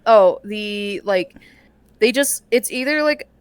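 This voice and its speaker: A woman's voice: mid-range voice, expressive, takes it slowly, clear, resonant tone, no room sound. A young woman speaking as an interview guest, rambling and chatty with many fillers. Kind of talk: casual interview.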